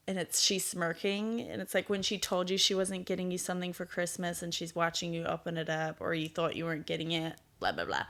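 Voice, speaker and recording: Thirties woman podcasting solo, bright voice w lots of fry, blunt and sweary, laughs at herself. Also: fairly low pitch. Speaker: podcast host. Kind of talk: casual solo podcast monologue.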